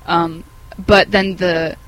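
Podcast co-host, hesitant, thinks out loud with lots of kinda and i don't know, slight hiss. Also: mid-range voice, little pitch movement, slow, rough recording. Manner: hesitant, thinking aloud, laughs often. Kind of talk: casual podcast chat.

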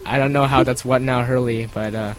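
A man's voice: mid-range voice, steady tone, fairly quick, a loud crowd, rough recording. A man hosting a casual podcast, reading listener emails and chatting in a rambling, apologetic way. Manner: rambling, apologetic, laughs often; reads listener emails aloud. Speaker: podcast host.

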